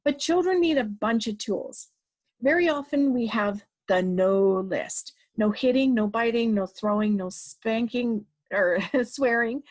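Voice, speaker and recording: This is a middle-aged woman giving a parenting talk, with a voice that sits fairly high. She is emphatic and direct, and she drives her points home with short, repeated commands. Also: a little mellow. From Canada. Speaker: parenting educator.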